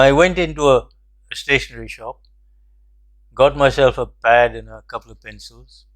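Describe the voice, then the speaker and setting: An older man hosting a commentary show, telling a personal anecdote in a measured, reflective way. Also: mid-range voice, fairly bright tone. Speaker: host. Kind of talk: storytelling commentary.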